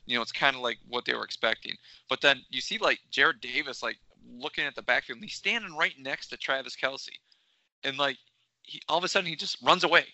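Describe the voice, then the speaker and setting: A man's voice: mid-range voice, a little fast, bright, forceful tone, no echo, rough recording. A man in casual sports talk who rambles and searches for his words as he describes replays.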